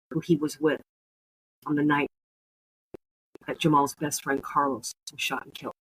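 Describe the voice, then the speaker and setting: A woman's voice: low-pitched, fairly even intonation, normal speed, pauses often, fairly bright tone, breathy edge, low-quality recording. A woman hosting a podcast, reading a letter aloud and commenting on it in an earnest, emotional way. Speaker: podcast host.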